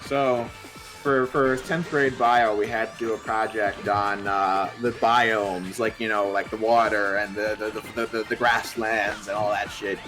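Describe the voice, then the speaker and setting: A young man streaming and chatting casually, telling lively stories, laughing often and swearing freely. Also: lowish voice, unhurried, soft background music. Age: young adult. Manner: animated storyteller who laughs a lot, swears. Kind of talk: casual chat.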